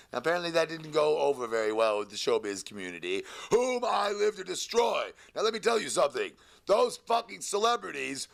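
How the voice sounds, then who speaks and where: A man's voice: on the high side, gravelly. A man playing a crude alien warlord rock frontman, giving a profane, sneering interview. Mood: furious ranting. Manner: profane, sneering, builds into shouted tirades. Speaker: band singer interviewed. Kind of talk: in-character interview rant.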